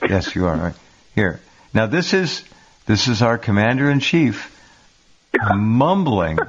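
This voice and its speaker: Low-voiced, incredulous radio host. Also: male voice. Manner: incredulous, exclamatory. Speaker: radio talk show host. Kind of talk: talk radio commentary. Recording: muffled lo-fi radio audio.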